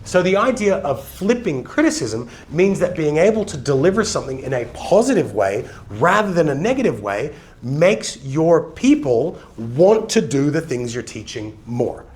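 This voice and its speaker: A man coaching on sales leadership, teaching energetically and slowing down to stress his key words. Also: fairly high pitch, very animated, a little mellow. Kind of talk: teaching lesson to camera.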